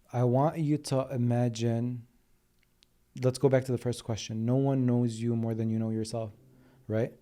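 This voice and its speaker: A man hosting an interview who asks gentle, slow, reflective questions. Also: medium pitch. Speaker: podcast host.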